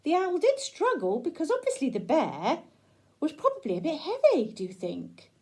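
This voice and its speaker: A woman reading a children's picture book aloud, gentle and sing-song, pausing to ask the young listener questions. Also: sits high, huge pitch swings. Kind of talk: children's read-aloud storytelling.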